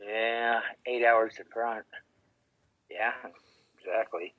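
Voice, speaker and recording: A man's voice: lowish voice, fairly even intonation, slow pace, dry recording. A man on voice chat during a game stream, half asleep, laughing and stumbling over his words. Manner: sleepy, laughing, stumbling restarts. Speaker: friend on voice chat. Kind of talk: casual voice chat. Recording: dull voice-chat audio.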